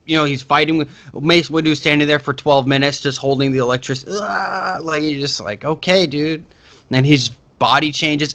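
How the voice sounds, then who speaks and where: A man's voice: a little high, sharp tone. A man co-hosting a casual movie podcast, rambling with frequent restarts and swearing. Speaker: podcast co-host.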